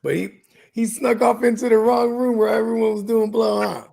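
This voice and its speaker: A man co-hosting a podcast in casual chat, animated, swearing and acting out movie scenes. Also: high voice, normal speed, vocal fry. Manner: animated, acts out movie lines, swears a lot. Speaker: podcast co-host.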